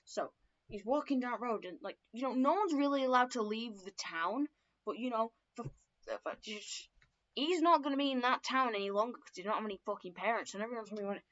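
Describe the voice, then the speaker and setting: A woman's voice: fairly high pitch, lively intonation, brisk. A young woman casually telling her own story lore, swearing often and stumbling through fillers and self-corrections. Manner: profane, rambling, many fillers and self-corrections. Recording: dull lo-fi recording.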